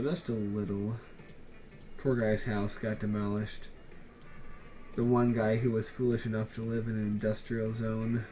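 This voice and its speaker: A man's voice: medium pitch, a little mellow, a little hiss or hum. A young man giving casual, joking commentary over a city-building game, full of playful, mock-grand asides to the viewers. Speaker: let's play commentator.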